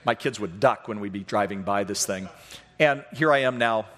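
A man's voice: lowish voice, moderate pace. A middle-aged man preaching a sermon in a church, telling a funny story about himself and acting out the voices in it. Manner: animated, self-deprecating, acts out voices in his stories. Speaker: pastor. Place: church sanctuary. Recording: long hall reverb.

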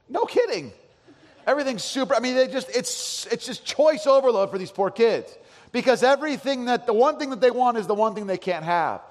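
A man in his thirties preaching a sermon, telling stories in an animated way and swinging from loud to quiet. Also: very high-pitched, a little fast. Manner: animated storytelling, voices his son and swings from loud to soft. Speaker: pastor. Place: large church hall. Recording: long hall reverb.

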